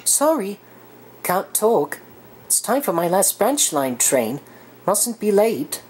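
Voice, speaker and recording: A woman's voice: medium pitch, big pitch swings, slow pace, darkish tone, slightly rough, voice pushed up, full character voice, poor audio. A woman voicing a proud, bossy young male tank engine in a fan redub of a children's cartoon, boastful and impatient.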